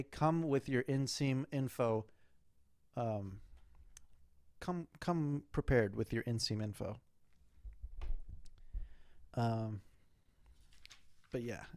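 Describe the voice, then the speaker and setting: A man's voice: medium pitch, a little mellow, dry recording. A young man hosting his own show, answering listener questions in a loose, rambling casual chat with plenty of fillers and swearing.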